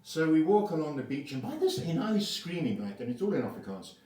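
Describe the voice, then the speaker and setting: Animated older man telling a story. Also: on the high side, quick pace. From South Africa. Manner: rambling, profane, animated storytelling. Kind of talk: casual spoken anecdote. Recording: roomy echo, mic at a distance.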